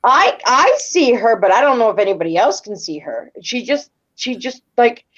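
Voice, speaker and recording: A woman's voice: a little high, big pitch swings, normal speed, a bit bright, highs cut off. A middle-aged woman telling stories casually as an interview guest, rambling and repeating words as she retells events. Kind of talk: casual storytelling.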